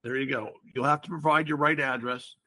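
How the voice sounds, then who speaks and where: Bright-voiced older man, playful host. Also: medium pitch, fairly even intonation, brisk. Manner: playful, wordy explainer. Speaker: podcast host. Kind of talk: casual chat.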